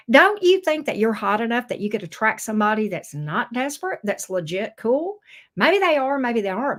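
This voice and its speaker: A woman's voice: mid-range voice, a bit bright. A middle-aged woman giving a casual tarot reading, teasing and talking straight to the viewer in a sassy way. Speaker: tarot reader.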